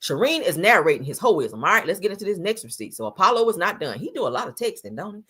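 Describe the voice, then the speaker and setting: A woman's voice: on the low side, sing-song, quick pace, bright, forceful tone, slightly rough. A woman giving blunt, profane, sassy commentary on reality TV for a stream, laughing often. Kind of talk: casual commentary on a livestream.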